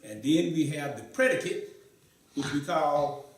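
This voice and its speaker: Teacher quizzing a class in an echoey room. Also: male voice, on the high side, lively intonation, measured pace, distant mic. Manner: asks the class frequent quiz questions, repeats answers. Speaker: Arabic teacher. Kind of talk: classroom teaching with questions to students. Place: mosque classroom.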